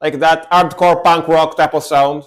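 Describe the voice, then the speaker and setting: A man's voice: on the high side, flat delivery, a little slow. A man streaming live reactions to metal and rock music, talking casually and enthusiastically, repeating his phrases and swearing now and then.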